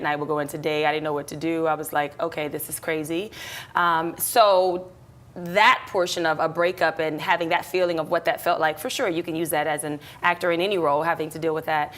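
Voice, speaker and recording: A woman actress as a talk show guest, telling personal stories in a lively, reflective way. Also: deep voice, brisk.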